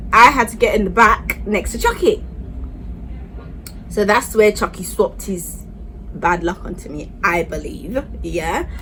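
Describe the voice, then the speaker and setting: A young woman tells a story to camera in a chatty, animated way. Her pitch swings widely as she talks. A faint hiss of room noise sits under her voice. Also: low-quality recording. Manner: chatty, animated, keeps asking "yeah?". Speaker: vlogger. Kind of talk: storytime vlog.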